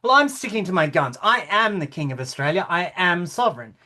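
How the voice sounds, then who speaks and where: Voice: medium pitch, sing-song, brisk, sharp tone. A performer playing a bewildered, pompous king. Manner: hesitant, indignant, stammering. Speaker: actor in rehearsal. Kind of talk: play rehearsal reading.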